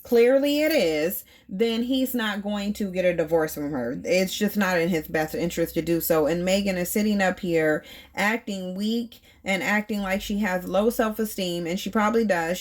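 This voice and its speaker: A woman in her thirties gives her take on a reality show in a blunt, opinionated way. She presses her points and keeps throwing rhetorical questions at her viewers, at a middle pitch. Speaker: reality TV reviewer. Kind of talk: opinionated commentary.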